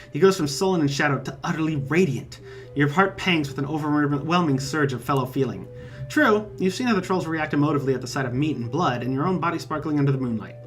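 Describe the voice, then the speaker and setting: A man hosting a let's play, reading a visual novel aloud and adding wry, joking asides. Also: on the high side.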